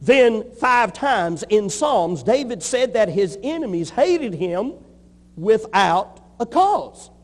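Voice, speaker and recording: A man's voice: sits high, big pitch swings, takes it slowly, long reverb tail. A man preaching a sermon as a pastor, with emphatic, rhythmic repetition.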